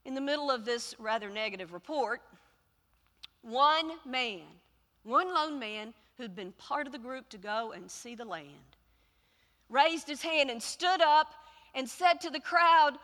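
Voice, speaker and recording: A woman's voice: fairly high pitch, expressive, measured pace, bright, forceful tone. A woman preaching a sermon in a church, telling the story dramatically with emphatic, repeated phrases. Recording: echoey hall reverb.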